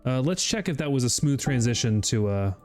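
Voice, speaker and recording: A man streaming a game, giggling often, swearing, and breaking into sudden high shrieks as he comments to chat. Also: lively intonation, fairly quick, faint music behind. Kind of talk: gaming livestream commentary.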